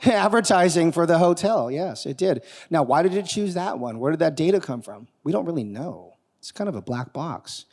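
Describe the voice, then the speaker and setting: Male keynote speaker, lively audience questions, voice rather high, long hall reverb. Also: normal speed, few pauses. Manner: animated, quizzing the audience. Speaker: conference speaker. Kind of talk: live keynote talk with demo. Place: conference hall on stage.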